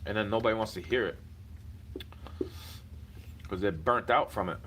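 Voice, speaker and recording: A man's voice: on the low side, normal speed, fairly bright tone, slight background noise. A man venting in a heated, profane monologue, repeating himself and circling back to the same points.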